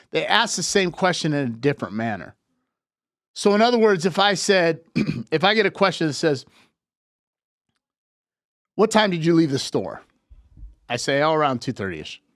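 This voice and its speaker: A man's voice: a little high, dry recording, clean studio sound. Emphatic man giving relationship advice. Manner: emphatic, repetitive lecturing. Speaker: relationship coach and host. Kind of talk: live relationship advice talk.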